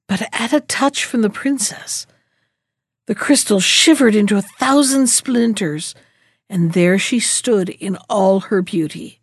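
A woman host reading a fairy tale aloud in a calm, measured storybook manner. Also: mid-range voice, dry recording, studio quality.

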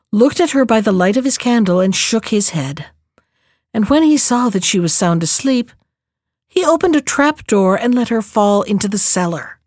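A woman librarian reads a fairy tale aloud with a clear, even storytelling delivery. Her voice sits at a middling pitch. The recording is dry and close. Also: dry recording.

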